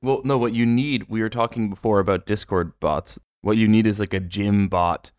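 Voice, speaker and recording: A podcast co-host with a lowish, darkish voice chats casually at a moderate pace, his intonation fairly even. He tells a rambling story full of fillers, captured in a dry, studio-quality recording.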